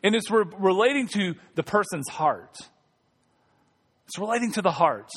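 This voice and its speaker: A man's voice: sits high, animated, moderate pace, a bit bright, slightly rough, in a large hall. A male pastor preaching a sermon in a conversational, humorous way, calling on the congregation to respond. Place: church sanctuary.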